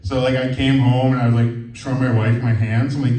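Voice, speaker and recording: A man's voice: mid-range voice, little pitch movement, brisk, mellow. A man in his thirties doing a stand-up comedy set, rambling and hesitant with lots of fillers. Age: 30s. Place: comedy venue with live audience. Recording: roomy, from far off.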